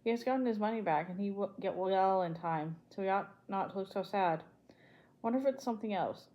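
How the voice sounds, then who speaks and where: A woman voicing a kind young girl, speaking softly and tenderly in a storybook reading. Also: mid-range voice, brisk, dull audio, natural voice. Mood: wondering.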